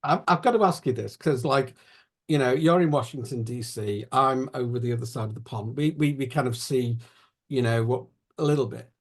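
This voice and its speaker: A male interview host who talks in a rambling way, circling round his point while he searches for words. His voice sits at an ordinary middle pitch, and he keeps a relaxed, conversational tone. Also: normal speed.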